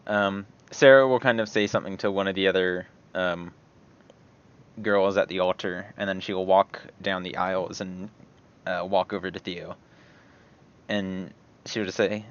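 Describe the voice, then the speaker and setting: A man's voice: low voice, fairly even intonation, moderate pace, clear, resonant tone. A man narrating as game master of a tabletop game, talking casually and hesitantly with many fillers. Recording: muffled lo-fi recording.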